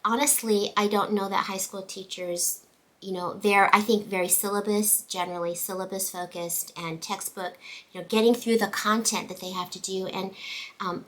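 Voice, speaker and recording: A middle-aged woman teacher chatting on her show with a bright, forceful tone. She sounds enthusiastic and talkative, sharing classroom stories. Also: medium pitch, steady tone, normal speed, rough recording. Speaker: teacher and podcast host. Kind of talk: casual chat.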